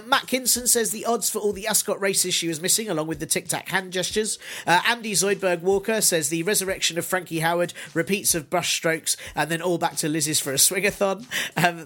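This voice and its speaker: Podcast guy reading listener tweets, dry sarcastic jokes, voice sits a bit high. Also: fairly bright tone. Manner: dry, sarcastic, jokey asides. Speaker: podcast host.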